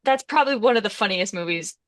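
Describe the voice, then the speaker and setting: A woman's voice: medium pitch, expressive, quick pace, a bit bright, no room sound. Wry woman in casual chat. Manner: wry, quippy opinions. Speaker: podcast co-host.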